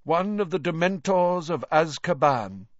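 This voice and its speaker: A man reading the part of a calm, kindly male wizard teacher who gives gentle, reassuring orders. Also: a little high, a little slow, no room sound, muffled recording, voice pushed up.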